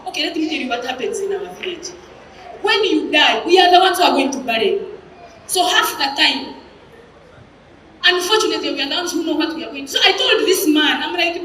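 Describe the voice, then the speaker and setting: A Ugandan woman in her thirties performing stand-up comedy, telling animated stories and breaking into laughter. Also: high-pitched, fairly quick, a little hiss or hum. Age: 30s. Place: live comedy stage. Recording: roomy live hall from a distance.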